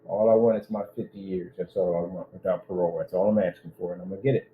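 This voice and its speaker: A man's voice: sits low, fairly even intonation, fast talker, narrow, tinny audio, slight background noise. A man running his own business, ranting in a vlog with indignant threats aimed at one person. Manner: repetitive, addresses one person directly. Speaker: business owner.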